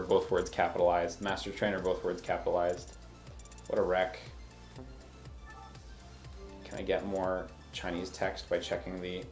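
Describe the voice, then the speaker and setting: A man giving casual game review commentary, sarcastic and exasperated, breaking into animated rants. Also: lowish voice.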